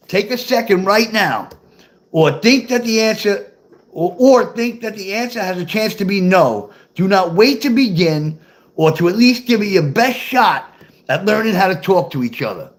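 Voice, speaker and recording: An older man reads his memoir aloud and breaks off to chat with the people watching. His voice sits a little high for a man and moves a lot in pitch. He swears freely and laughs at his own stories. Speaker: author reading his memoir. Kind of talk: reading his memoir aloud and chatting with viewers.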